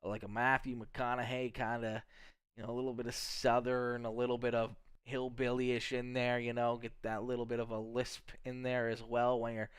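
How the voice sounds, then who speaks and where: A man's voice: mid-range voice, flat delivery, moderate pace, clean tone, no room sound, studio quality. A young Canadian man hosting a sim racing broadcast, upbeat and chatty with lots of fillers. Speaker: race broadcaster. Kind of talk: sim racing commentary and interviews.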